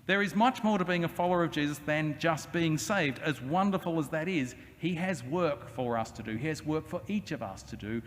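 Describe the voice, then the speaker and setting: A man's voice: on the high side, a little fast, hardly any pauses. A man, an Anglican priest preaching a sermon with humorous asides and acted-out questions. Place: cathedral. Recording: long cathedral reverb.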